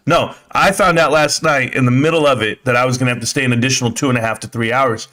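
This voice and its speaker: A man's voice: mid-range voice, steady tone, quick pace, bright, forceful tone. Blunt, swaggering male livestream host. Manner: blunt, swaggering, mocking critics. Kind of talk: casual livestream rant.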